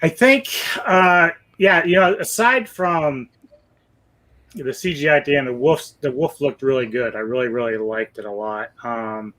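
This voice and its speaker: A man hosting a casual movie discussion, relaxed and full of "uh" fillers, laughing easily. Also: mid-range voice, normal speed, poor audio. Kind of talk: casual movie review chat.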